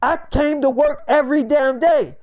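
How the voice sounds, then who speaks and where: A woman's voice: high voice, moderate pace, darkish tone, dry recording, clean studio sound, pitched above the performer's own voice, close to an everyday voice. A woman voicing a man who is an uneasy, resentful deputy partner, insistent and swearing. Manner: profane, insistent.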